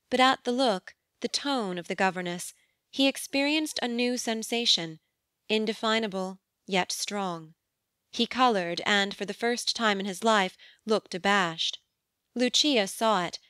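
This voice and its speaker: A woman reading a novel aloud as an audiobook narrator, in an even, measured storytelling manner. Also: mid-range voice, clear, resonant tone, dry recording, studio quality. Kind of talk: scripted narration. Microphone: studio microphone.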